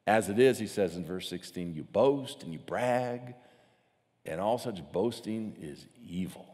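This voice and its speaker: A man's voice: on the low side, lively intonation, measured pace, mellow. A man preaching a sermon as pastor. He talks with animation and acts out mocking voices. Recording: long hall reverb.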